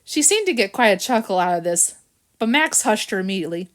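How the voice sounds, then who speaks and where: A woman's voice: mid-range voice, very animated, quick pace. A woman reading a children's storybook aloud, narrating expressively and doing the characters' voices. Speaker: audiobook reader.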